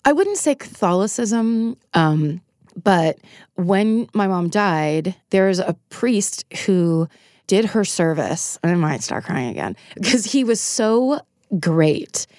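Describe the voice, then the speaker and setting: A woman's voice: medium pitch, sing-song, takes it slowly, a little mellow, no room sound, studio quality. A middle-aged woman guest, a comedian and TV writer from Northern California, telling a personal story frankly and emotionally, swearing now and then. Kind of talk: candid conversational storytelling.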